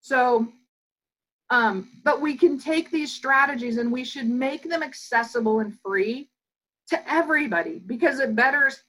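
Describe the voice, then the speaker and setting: A woman speaking as a guest psychologist on a podcast interview, explaining in an animated, flowing way and acting out quoted voices. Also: sits high, unhurried, poor audio.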